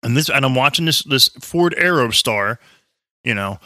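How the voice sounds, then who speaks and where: Bright-voiced man ranting profanely. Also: medium pitch, lively intonation, normal speed, no room sound, clean studio sound. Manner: profane, ranting, laughs often. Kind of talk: casual chat.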